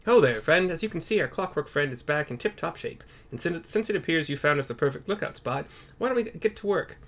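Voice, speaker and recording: A man's voice: on the high side, lively intonation, fast talker, fairly bright tone, voice pushed up. A man voicing a genial middle-aged male adventurer and tinkerer for a game, with a hearty, folksy lilt. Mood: cheerful.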